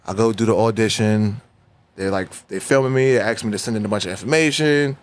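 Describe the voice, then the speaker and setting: Animated New man telling stories. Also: fairly low pitch, fairly quick. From New York. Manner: animated storyteller who acts out dialogue. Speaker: rapper guest. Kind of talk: casual interview storytelling.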